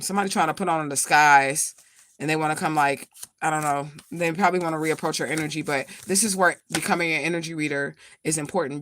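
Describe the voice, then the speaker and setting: A woman's voice: sits low, a bit bright, dry recording. A woman from St. Louis, a spiritual reader telling a story in a casual livestream, blunt, profane and rambling. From St. Louis, USA.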